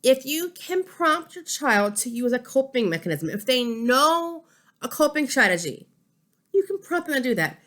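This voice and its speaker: Bright-voiced woman coaching parents. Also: fairly high pitch, big pitch swings, normal speed. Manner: warm conversational teaching, frequent "okay?" and "right?" check-ins. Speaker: family support educator. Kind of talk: instructional talk to parents.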